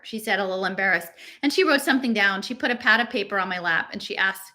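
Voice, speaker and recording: A woman reading a novel aloud in a casual voice, slowing down when she reads out long strings of numbers. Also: mid-range voice, sharp tone. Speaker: reader.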